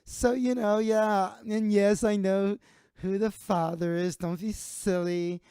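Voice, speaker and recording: Man doing shrill uptight young woman, whiny high sing-song, dry close mic. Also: steady tone, slow, warm tone, smooth, dry recording. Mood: chirpy smug.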